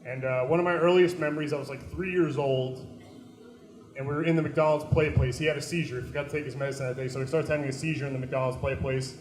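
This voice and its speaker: A young man doing a stand-up set, telling stories in a deadpan way and breaking into loud put-on voices. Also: mid-range voice, quick pace. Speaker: stand-up comedian. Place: small comedy venue. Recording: echoey room.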